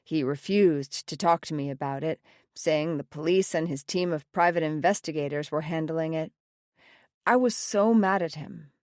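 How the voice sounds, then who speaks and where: A woman with a fairly low voice reads first-person audiobook narration in a wry, sardonic tone. The sound is close and bone-dry, a studio read with no room around it. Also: normal speed, darkish tone, no room sound. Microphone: close studio mic, dry.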